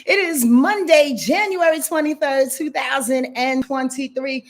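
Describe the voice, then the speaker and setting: High-voiced New woman astrologer. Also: measured pace. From Yonkers, New York. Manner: lively, slangy, greets viewers by name; repeats catchphrases, laughs often. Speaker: astrologer and channel host. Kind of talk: casual live-stream chat.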